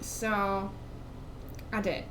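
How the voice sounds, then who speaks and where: A woman's voice: medium pitch, completely flat delivery, drawn-out words, noisy background. A young woman, chatting casually and rambling while she streams a game, laughing often. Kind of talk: casual gaming stream chat.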